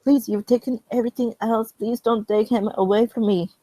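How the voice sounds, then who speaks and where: A woman voicing a shrill, weepy male anime nation-character in a dramatic fan reading, loud and pleading. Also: normal speed, dry recording, natural voice, low-quality recording. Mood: anguished.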